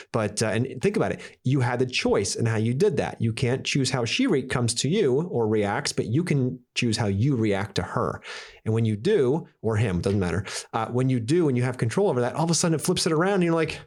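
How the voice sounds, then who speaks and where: A man's voice: medium pitch, expressive, quick pace, darkish tone. A man hosting a podcast in casual conversation, enthusiastic, swearing casually and often saying "dude". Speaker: podcast host.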